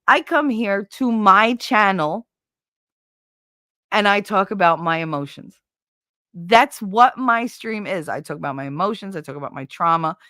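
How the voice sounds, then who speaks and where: Here a woman's medium-pitched, fairly bright voice comes through expressive and at a measured pace as she livestreams on her own channel. The chat is casual, blunt, profane and rambling, picked up by a desk microphone in a clean studio sound without room noise.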